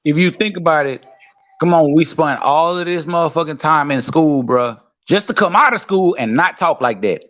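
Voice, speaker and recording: A man's voice: on the high side, normal speed, fairly bright tone, dull audio. A man in casual podcast chat, laid-back, swearing and often agreeing.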